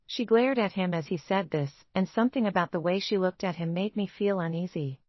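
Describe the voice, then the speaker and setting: A woman's voice: fairly low pitch, brisk, few pauses, dry recording, lo-fi sound. Woman narrating a story in first person.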